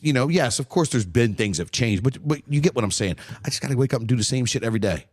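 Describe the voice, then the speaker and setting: A man in his forties from the United States, hosting a solo podcast in a blunt, heated rant full of swearing and repeated words. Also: on the low side. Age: 40s. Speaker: podcast host.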